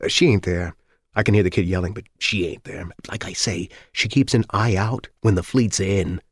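A man reading an audiobook voices a grudging, insinuating neighbor on a tenement hall phone with a raised, shrill tone. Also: fairly even intonation, normal speed, studio quality.

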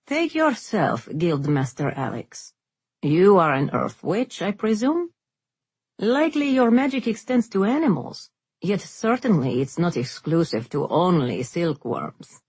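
A woman's voice: fairly low pitch, a little slow, breathy edge, no room sound, full character voice. A woman voicing a blunt, irritated male diplomat who talks curtly with thin sarcasm. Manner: curt and flat, thinly sarcastic.

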